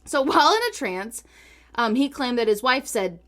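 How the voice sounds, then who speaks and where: A woman co-hosting a podcast, telling a true-crime ghost story in a giggly, animated, chatty way. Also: a little high, moderate pace. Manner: giggly, animated, lots of laughter. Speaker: podcast co-host. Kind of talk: casual chat, storytelling.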